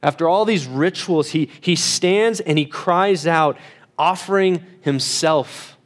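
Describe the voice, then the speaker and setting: A man preaching a sermon in an emphatic way, slowing down and dropping to a hush on key phrases, sometimes repeating words as he restarts. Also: fairly high pitch. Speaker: pastor.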